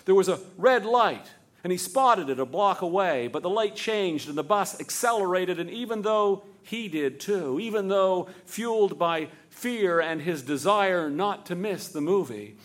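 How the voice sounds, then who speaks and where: A man narrating a story in a steady, vivid storytelling manner. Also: sits high, unhurried, few pauses.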